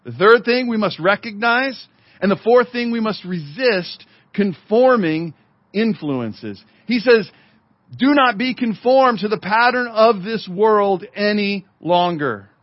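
Man, pastor preaching, high voice, emphatic delivery, dull lo-fi recording. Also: expressive, no echo. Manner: emphatic preaching with dramatic slowdowns and drops to a murmur; addresses the congregation and online viewers directly. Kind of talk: sermon. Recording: dull lo-fi sermon audio.

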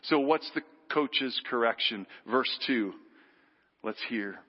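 A man preaching a sermon, animated, leading the congregation in call-and-response. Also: mid-range voice, unhurried. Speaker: pastor. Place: church sanctuary. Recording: dull sound with long hall reverb.

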